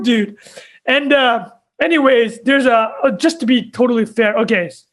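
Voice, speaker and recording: A man's voice: very high-pitched, normal speed, a bit bright. A young man co-hosting a podcast, telling a story in casual chat and laughing often as he goes. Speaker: podcast co-host.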